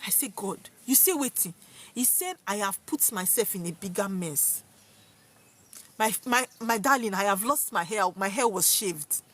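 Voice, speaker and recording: A young Nigerian woman telling viewers a personal story in an expressive, dramatic way, her speech mixed with Pidgin. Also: mid-range voice, normal speed. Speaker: vlogger.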